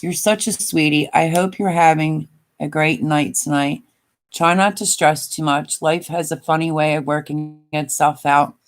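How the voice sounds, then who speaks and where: Speaking a little slowly in a low voice with fairly even intonation, an older woman chats on a live stream. Fatigue and emotion run through her rambling, filler-heavy talk, and at times she gets tearful.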